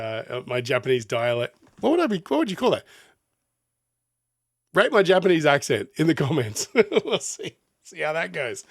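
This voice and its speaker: A man's voice: mid-range voice, a bit bright, dry recording. Chatty Australian man, dry sound. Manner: chatty, rambling, laughs often. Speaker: music producer reacting to songs. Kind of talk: casual reaction commentary. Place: studio.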